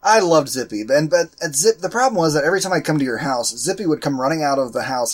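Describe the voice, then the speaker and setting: A man's voice: fairly high pitch, fast talker. Profane rambling man chatting. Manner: profane, rambling, animated storytelling. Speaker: podcast co-host. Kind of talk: casual movie commentary chat.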